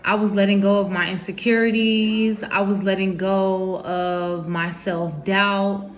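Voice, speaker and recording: A woman's voice: medium pitch, little pitch movement, measured pace, faint music behind. A young woman telling a personal story to camera at home, candid and emotional, with informal slangy quoted speech. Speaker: vlogger.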